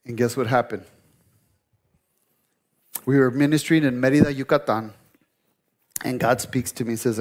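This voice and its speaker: A man's voice: medium pitch, steady tone, normal speed, pauses often, a little mellow. A middle-aged male pastor preaching a sermon, telling a story in a conversational, joking way with asides to the congregation.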